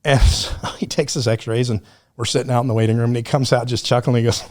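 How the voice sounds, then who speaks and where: A man telling a story on a podcast in a casual, profane, animated way, acting out what others said. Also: medium pitch, quick pace. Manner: profane, animated storyteller who acts out quotes.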